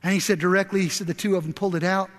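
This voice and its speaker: A man with a strikingly high voice preaches a sermon, telling a folksy story and then building to impassioned exhortation. His voice rings with the long reverb of a large church sanctuary. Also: steady tone, racing. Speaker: pastor.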